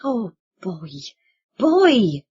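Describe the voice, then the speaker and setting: Woman playing older Irish dad, lilting and confiding, husky, dull sound. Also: fairly high pitch, very animated, very slow, dark tone, full character voice. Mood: stern. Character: older Irish father, warm, rambling, self-mocking man.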